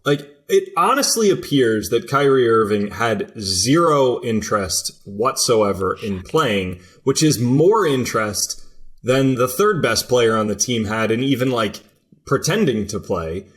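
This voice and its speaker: A man's voice: mid-range voice, lively intonation, unhurried. Dry-joking man co-host. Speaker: podcast producer and co-host. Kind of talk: casual podcast chat.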